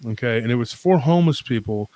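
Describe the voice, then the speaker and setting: Man, podcast guest, middle pitch, rambling storyteller, dry close sound. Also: quick pace, no echo. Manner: rambling, animated, lots of fillers and restarts.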